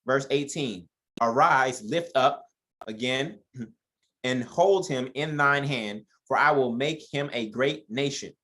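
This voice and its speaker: A man's voice: mid-range voice, wildly swooping pitch, slow pace, fairly bright tone. A man leading an informal Bible study who reads verses aloud and comments on them in a joking, conversational way, addressing listeners as y'all.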